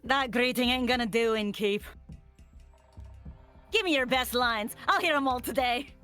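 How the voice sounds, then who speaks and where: A woman voicing a blunt, gruff female dwarf smith in a live fan dub of a visual novel. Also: on the high side, unhurried, sharp tone, faint music behind. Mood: demanding. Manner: blunt, demanding.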